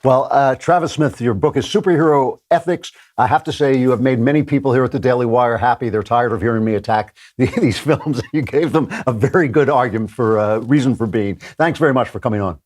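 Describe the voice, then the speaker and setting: A man's voice: mid-range voice, a little fast, hardly any pauses, darkish tone. A man hosting a commentary show, joking and digressing with laughing asides. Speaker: podcast host.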